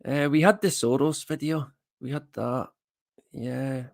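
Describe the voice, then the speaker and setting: A man's voice: mid-range voice, steady tone, unhurried, creaky. A Scottish man hosting a livestream, chatting casually to viewers with self-deprecating, rambling asides. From Scotland. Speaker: livestream host.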